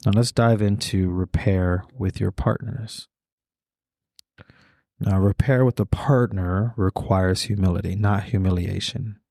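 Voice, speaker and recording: Deep, mellow-voiced man, slow and deliberate. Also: steady tone, creaky, no room sound, studio quality. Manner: measured, deliberate, repetitive cadence with slow emphatic pauses. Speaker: podcast host. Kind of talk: reflective podcast monologue on fathering.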